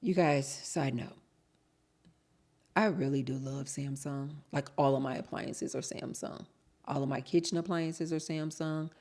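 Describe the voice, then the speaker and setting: A woman's voice: low-pitched, fairly even intonation, a little slow, a little mellow. A woman vlogger chatting casually to her viewers, telling a story and acting out both sides of the dialogue. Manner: chatty, storytelling, addresses viewers as you guys; acts out both sides of quoted exchanges.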